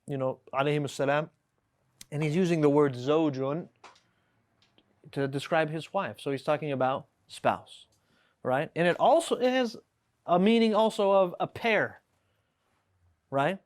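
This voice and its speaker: Man teaching a class, higher voice. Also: a little slow, long pauses. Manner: explains patiently, checks with "right?", reads Arabic examples aloud. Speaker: Arabic teacher. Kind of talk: classroom lesson. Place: classroom with students.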